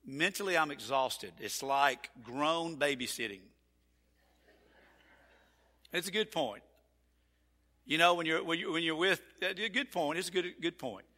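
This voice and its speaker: A man preaching a sermon as pastor, folksy and animated, repeating his phrases. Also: on the high side. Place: church sanctuary. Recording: church hall reverb.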